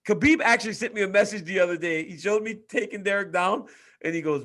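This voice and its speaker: A man in his forties, a former fighter co-hosting a casual chat, telling lively stories and acting out what others said, often repeating his words. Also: high voice, a little fast. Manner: animated storyteller, acts out quotes, repeats words.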